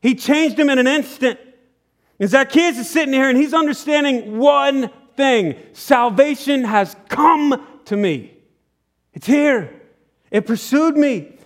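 A man's voice: very high-pitched, lively intonation, a little slow. A man preaching a sermon in church, telling a story with acted-out dialogue and sudden drops to a near whisper. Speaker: pastor. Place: church sanctuary.

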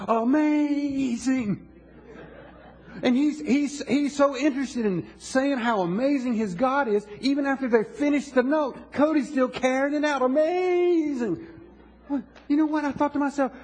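Husky high-voiced preacher. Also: male voice, a little mellow. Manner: conversational, asks the congregation questions, halting restarts. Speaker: pastor. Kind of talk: sermon.

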